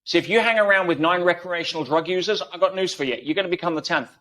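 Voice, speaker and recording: A man's voice: high voice, fast, bright, forceful tone. A man guest in an interview, explaining ideas emphatically through everyday analogies. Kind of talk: conversational interview.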